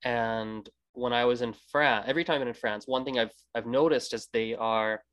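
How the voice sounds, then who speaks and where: A man's voice: medium pitch, fairly even intonation, normal speed, a bit bright, lo-fi sound. A Canadian man hosting a casual interview, rambling with many restarts. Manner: rambling, many restarts, acts out quoted greetings. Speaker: podcast host.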